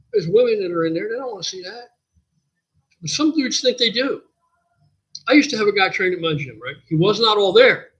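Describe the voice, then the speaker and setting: A man's voice: high-pitched, fairly bright tone, slightly rough, muffled recording. A man casually telling a rambling, profane story on a livestream as a gym owner.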